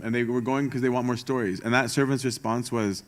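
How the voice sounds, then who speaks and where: A man's voice: medium pitch, fairly even intonation, a little fast, few pauses. A young man, a priest giving a conversational retreat talk, informal and wry, often checking in with "right?". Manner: informal, rhetorical, frequent "right?" and "um"; self-aware sarcastic humor. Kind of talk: conversational sermon.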